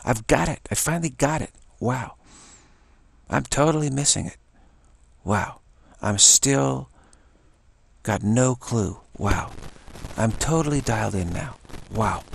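In this spoken meditation, a male teacher keeps repeating one word between brief phrases, taking his time in a reflective way. He has a medium-pitched, expressive voice with vocal fry.

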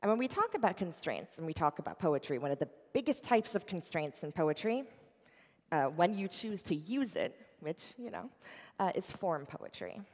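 A young woman giving a conference talk, explaining things in an animated way with frequent fillers. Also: lowish voice, normal speed. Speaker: conference speaker. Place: conference hall. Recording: hall with long reverb.

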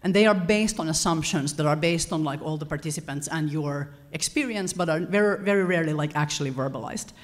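A woman giving a lecture-style talk to an audience, animated and often correcting herself mid-sentence. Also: low-pitched, a little fast, few pauses. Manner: animated, self-correcting, chuckles between points. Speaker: conference speaker.

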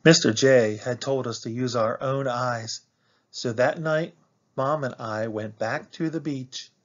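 A man reads a children's picture book aloud for a classroom, slow and expressive, in a mid-range voice. The recording is a little dull and muffled. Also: mid-range voice. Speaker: read-aloud teacher.

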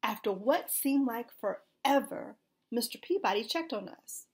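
Woman reading a kids' story aloud, bouncy pitch, a bit husky. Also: measured pace. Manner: expressive, animated reading.

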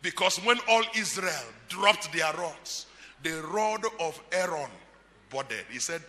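A Nigerian man preaching a sermon, emphatic and repetitive, with shouted peaks. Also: on the high side, animated, slow. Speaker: pastor. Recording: echoey hall reverb.

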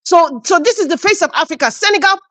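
A woman's voice: very high voice, animated, fast, a bit bright, no room sound. A woman hosting a live-stream commentary show, speaking with passion and repeating phrases for emphasis.

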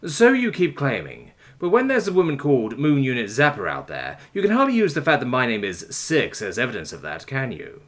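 A man's voice: medium pitch, wildly swooping pitch, a little fast, hardly any pauses, a bit bright. A man voicing a wary male detainee who answers in a dry, sarcastic, guarded way. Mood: wry guarded.

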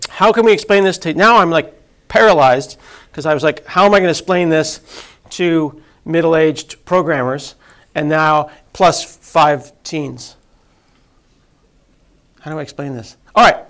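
A man's voice: sits high, a bit bright. A man in his forties with a sniffly cold, giving a self-deprecating, chatty live tech talk to an audience in a meeting room. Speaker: tech presenter. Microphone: handheld mic.

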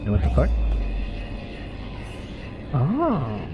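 A man's voice: fairly high pitch, sing-song, a little slow, lo-fi sound, background noise. A man streaming a horror game live, chatting and swearing often with a jumpy, exasperated manner. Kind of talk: live gameplay commentary. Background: game music.

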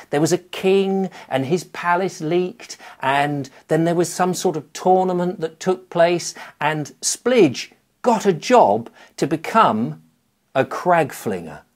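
A middle-aged man, a children's author, chatting to camera in a rambling, animated way. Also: fairly high pitch. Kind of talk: casual talk to camera.

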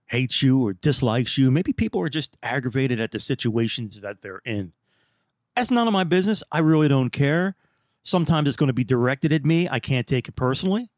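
A man hosts a podcast and tells long, rambling anecdotes in an easygoing, chatty manner. His voice sits at an everyday middle pitch. The recording is close and dry, with no room sound. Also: darkish tone, no room sound. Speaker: podcast host. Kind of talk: casual storytelling monologue.

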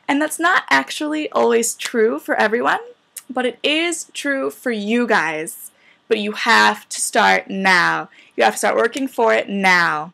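A woman's voice: fairly high pitch, a little slow, creaky, bright, forceful tone. A young woman in her twenties, a former camper, telling campers a story and giving upbeat advice. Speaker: camp alumna. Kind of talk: recorded message to campers.

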